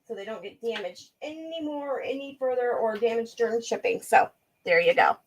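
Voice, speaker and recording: A woman's voice: fairly high pitch, moderate pace. A woman hosting a casual live-stream auction, chatting with viewers by name while she looks over items and counts down sales.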